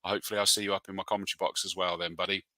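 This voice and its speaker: A man's voice: low voice, flat delivery, very fast, pushed and bright, no echo. A man and motorsport commentator hosting a live show, chatting casually and reading out viewer comments in a matey way. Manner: chatty and matey, calls people mate.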